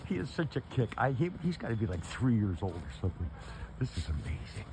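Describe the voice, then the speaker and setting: A man's voice: on the low side, big pitch swings, a little fast, noisy background. A man filming his horses outdoors by a paddock, chuckling as he comments, calling out to them and speaking their thoughts aloud in a casual way.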